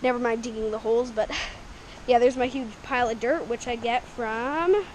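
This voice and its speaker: Woman, from Canada, slightly high voice, casual rambling, frequent giggles, outdoors, faint background noise. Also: moderate pace, a little mellow, poor audio. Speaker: vlogger showing a homemade dirt bike track. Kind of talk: casual walkthrough narration. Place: backyard outdoors. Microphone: action camera.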